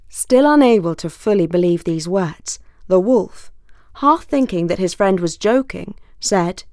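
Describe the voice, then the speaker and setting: Measured woman reading a fable. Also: lowish voice, no room sound, studio quality. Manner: measured, expressive storytelling. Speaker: storyteller. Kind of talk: scripted fable narration.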